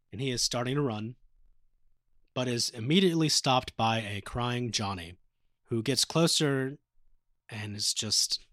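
A man's voice: mid-range voice, measured pace, pauses often, fairly bright tone, no room sound, clean studio sound. A man co-hosting a podcast, casually retelling anime episodes with a swearing, joking manner. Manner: casual, profane retelling, acting out quotes. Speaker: podcast co-host.

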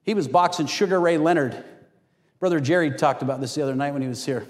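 A man preaching a sermon as pastor, telling stories with animated acted-out quotes. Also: on the high side, fast talker. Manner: animated storytelling, acts out quotes. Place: church hall. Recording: long hall reverb.

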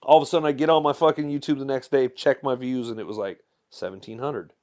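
A man, a musician talking casually in an interview, swearing freely and telling stories with animated swings. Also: medium pitch, quick pace. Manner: profane, animated storytelling with frequent "you know what I'm saying". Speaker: musician guest.

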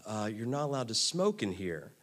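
A man's voice: fairly low pitch, big pitch swings, moderate pace, a bit bright, breathy edge, voice pushed down, full character voice. A man voicing a polite, puzzled woman waitress. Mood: apologetic.

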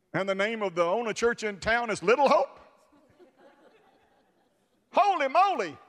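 A fervent male preacher with a high, bright, ringing voice that swings from hushed asides to full shouts. His sermon carries the long reverb of a big church hall.

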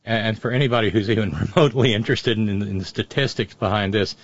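A man's voice: lowish voice, quick pace, no echo. A man giving off-the-cuff political commentary, sardonic and profane, rambling with frequent restarts. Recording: dull, dry lo-fi audio.

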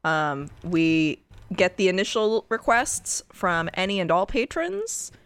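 A woman co-hosting a podcast in casual chat, talking loudly and animatedly and laughing often. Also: lowish voice, very animated, slow, smooth, dry recording. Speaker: podcast co-host.

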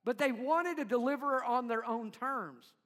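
A man preaching a sermon in an animated way, acting out crowd voices and dropping to quiet low tones. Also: normal speed. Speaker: pastor. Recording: long reverb in a hall.

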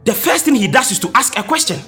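A man preaching a sermon with impassioned, sing-song delivery, often rising to a shout. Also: extremely high pitch, lively intonation, fast talker, soft background music.

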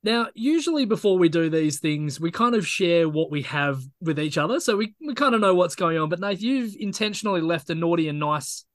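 A man's voice: sits high, lively intonation, fairly quick, hardly any pauses, fairly bright tone, dry recording. Dry-joking man, close dry sound. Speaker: podcast co-host. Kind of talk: casual chat.

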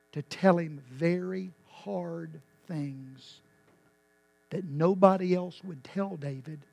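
Preacher guy, fired up, goes from hushed to big and back, dry close sound. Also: sits high, no room sound, highs cut off. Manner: impassioned, swinging from quiet to loud with emphatic repetition. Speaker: pastor. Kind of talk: sermon.

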